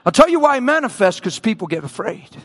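A man preaching a sermon as a story, animated, acting out voices and screams and often laughing. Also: high voice, fast.

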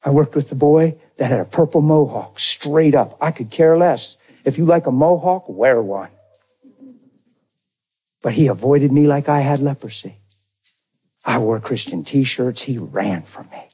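Guy pastor telling a story from the pulpit, mellow kinda husky voice, folksy and chatty with the crowd. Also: medium pitch, a little slow, lo-fi sound. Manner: conversational, folksy, addresses the congregation directly. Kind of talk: storytelling sermon.

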